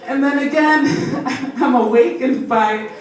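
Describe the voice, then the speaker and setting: A woman stand-up comedian telling a story in an animated way, laughing through her lines and acting out voices, recorded from far back in a comedy club. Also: sits high, slow pace. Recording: echoey club room from far off, audience noise.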